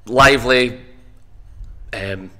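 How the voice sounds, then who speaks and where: A man's voice: mid-range voice, extremely slow, bright, forceful tone. A Scottish man talking as a guest in a casual interview, chatty and jokey, telling stories. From Scotland. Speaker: singer and showman guest.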